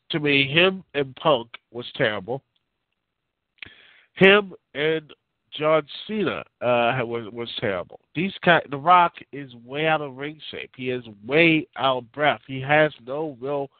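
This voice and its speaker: Heard through thin phone-line audio with no room sound, this podcast host's slightly high voice wanders through his opinions on a relaxed call-in show. He keeps starting over and leaning on filler words.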